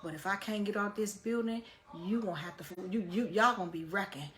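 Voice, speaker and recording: Telling her story in a blunt, casual way full of cursing, a woman vlogger lets her loudness swing up and down with the events. Her voice is medium in pitch and her pace fairly quick.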